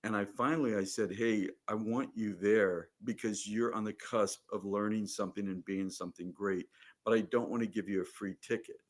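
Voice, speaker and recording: A man's voice: lowish voice, steady tone, normal speed. A man organizing an event, speaking earnestly in a casual chat and repeating words as he goes.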